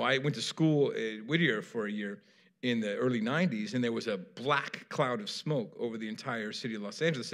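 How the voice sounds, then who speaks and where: A man's voice: mid-range voice, creaky, a bit bright. A middle-aged man, a theater director, speaking casually to an audience with many fillers and restarts. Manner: rambling, lots of fillers and restarts.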